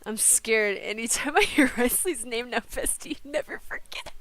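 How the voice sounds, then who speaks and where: A woman's voice: fairly high pitch, moderate pace, fairly bright tone, no echo. A young adult woman streaming a game, chatting casually and giggling often, with a slangy manner. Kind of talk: casual gameplay commentary.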